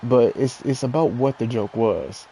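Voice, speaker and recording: A man tells a story in a relaxed, rambling way while he plays a game. His voice has a gravelly fry and a dark, mellow tone, and he keeps chuckling and repeating his phrases. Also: medium pitch, unhurried, slight background noise, poor audio. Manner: laid-back, laughing, repeats phrases. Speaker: streamer.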